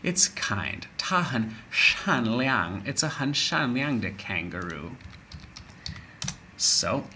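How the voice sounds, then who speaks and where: Brief: man, teacher reading a children's story, expressive, explains slowly. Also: medium pitch, slight background noise. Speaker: English teacher. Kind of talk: reading a story aloud to young learners.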